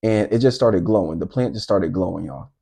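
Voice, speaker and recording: A middle-aged man telling a personal faith testimony in a casual, animated way, talking straight to his viewers. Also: sits low, fairly quick, gravelly, breathy edge. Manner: animated, addresses viewers directly. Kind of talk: casual storytelling to camera.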